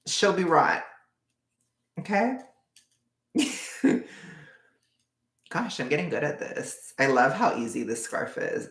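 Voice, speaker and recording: A livestreamer in casual chat with viewers, knitting a scarf while rambling, full of "like" and quick bursts of laughter. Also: mid-range voice, creaky, a bit bright, reverberant. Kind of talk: casual live-stream chat.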